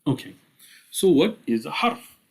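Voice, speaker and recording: A man's voice: a little high, sing-song, measured pace, gravelly, breathy edge. An American man giving an explanatory religious lecture, acting out little dialogues with a laugh. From United States. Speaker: Islamic lecturer.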